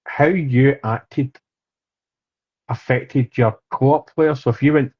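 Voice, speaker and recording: Man, husky voice, casual podcast chat, asks questions, muffled lo-fi sound. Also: medium pitch, fairly even intonation, slow. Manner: chatty, asks questions, swears. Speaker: podcast co-host. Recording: dull lo-fi sound.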